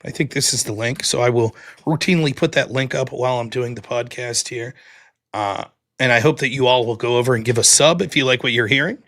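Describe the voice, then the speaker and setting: A man's voice: mid-range voice, fairly quick, fairly bright tone. A man hosting his own live stream, chatting casually in a rambling, self-deprecating way. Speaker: show host.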